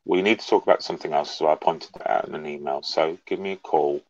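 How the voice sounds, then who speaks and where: A man on a call, talking in a calm, reassuring, earnest way. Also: extremely low pitch, quick pace, no echo, highs cut off. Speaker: guest. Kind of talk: supportive casual call chat.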